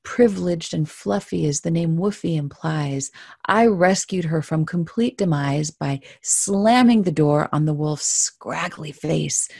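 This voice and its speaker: Woman storyteller, low husky voice, slow and playful delivery in rhyme. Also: no echo, clean studio sound. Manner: gentle, playful, musing. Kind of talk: reading a rhyming story aloud.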